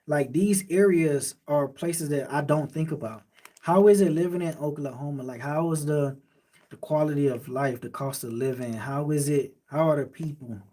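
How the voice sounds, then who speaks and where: A man's voice: fairly high pitch, moderate pace, dark tone. A man with a Miami accent, casually chatting on a late-night livestream and answering viewer comments in a laid-back, rambling way. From Miami, Florida. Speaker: livestream host reading chat.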